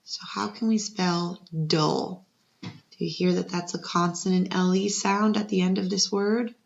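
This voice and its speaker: Woman teacher doing a kids spelling lesson, slow and patient, gravelly low voice, kinda muffled audio. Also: fairly even intonation. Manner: slow, patient, encouraging, sounds out syllables. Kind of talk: second-grade spelling lesson. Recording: muffled lo-fi recording.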